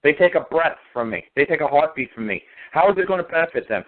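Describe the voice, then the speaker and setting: A fast-talking man with a high-leaning, animated voice joins a phone talk show discussion. He hammers his points emphatically with repeated rhetorical questions, and the sound comes through a phone line.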